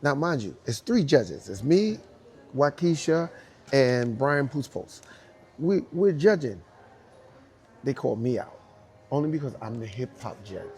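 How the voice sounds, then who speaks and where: A man who judges hip hop dance battles, telling a casual anecdote and acting out what others said in an animated way. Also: medium pitch, a little slow, pauses often, soft background music. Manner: animated, acts out quoted dialogue.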